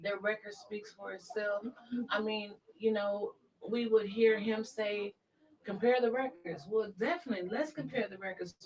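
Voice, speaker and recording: A woman's voice: medium pitch, steady tone, moderate pace, darkish tone. A woman co-hosting a political talk show, chatty and telling stories while agreeing often with her co-host. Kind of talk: casual political talk, storytelling. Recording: distant mic with crowd chatter behind.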